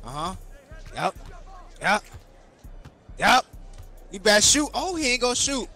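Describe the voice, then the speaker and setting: Taunting male online player egging others on; high, lively voice. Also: unhurried, vocal fry, soft background music. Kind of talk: scripted trash-talk over game chat.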